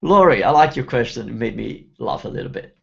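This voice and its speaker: A man's voice: medium pitch, animated, a little fast, gravelly, dull audio. A man from Italy, hosting a live online Q&A lesson and chatting as he explains phrases one by one. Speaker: Italian teacher hosting a webinar.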